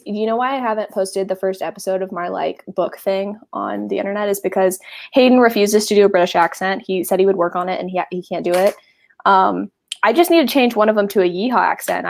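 A woman's voice: medium pitch, a little fast, gravelly, a little mellow. A woman in her twenties from Texas with a Texan accent, hosting a book club livestream over a video call in a chatty, rambling, self-deprecating way. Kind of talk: casual livestream chat.

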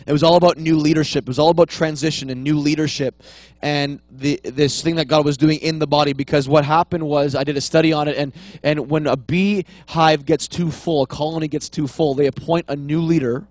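A man's voice: a little high, fairly even intonation, fairly quick, a little mellow, no room sound. A man in his thirties preaching a sermon, telling a long anecdote with many restarts and fillers. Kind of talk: sermon storytelling.

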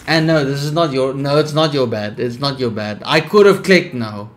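A young man casually commenting on a survival game, reading its text aloud, laid-back and sleepy with sudden bursts of excitement. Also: medium pitch, normal speed, hardly any pauses, faint music behind. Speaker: streamer.

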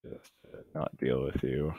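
A young man who is losing his voice rambles through casual let's-play commentary, hesitant and sarcastic. His voice is very deep, flat and unhurried, captured on a tinny, lo-fi, dry mic.

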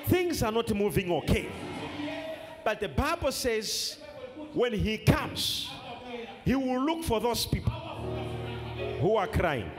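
A male preacher with a very high voice that swings widely up and down, preaching with shouts and repeated phrases. He speaks slowly and draws out his words, and music plays loudly behind him. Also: in a large hall. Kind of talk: sermon.

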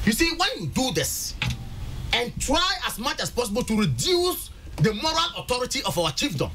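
A man's voice: high voice, huge pitch swings, normal speed, bright, forceful tone, slight background noise. A Ghanaian man talking politics on a studio panel, emphatic and repeating words for stress. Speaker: political commentator.

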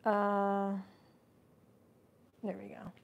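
This forties-aged business coach speaks in a mid-range, gravelly voice with completely flat delivery and drawn-out words, and the audio sounds dull. Hosting a relaxed live stream, she gives forceful pep talks, reads out viewer comments, and parodies skeptics in mocking voices.

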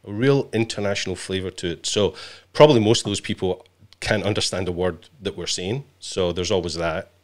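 A man's voice: low voice, fairly quick. A man hosting a live stream, chatting playfully with his guest and greeting viewers. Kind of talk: bantering live stream chat.

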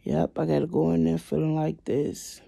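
A woman vlogger venting to her viewers, emotional and swinging between quiet and loud, constantly addressing them directly. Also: low-pitched, flat delivery, normal speed, creaky, a little hiss or hum. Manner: emotional, repeats "y'all" constantly. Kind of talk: venting to camera.

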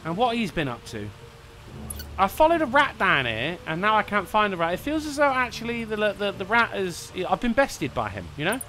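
A man's voice: high-pitched, very animated, normal speed, sharp tone, faint music behind. A man streaming a video game, rambling, swearing and mocking himself as he plays. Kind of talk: let's play commentary.

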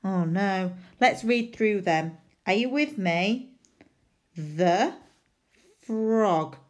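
Lady teacher doing phonics for little kids, slow and sing-songy, spelling words out letter by letter. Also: mid-range voice, expressive. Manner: sounds out letters, makes playful mistakes on purpose. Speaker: primary school teacher. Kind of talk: recorded phonics lesson for young children.

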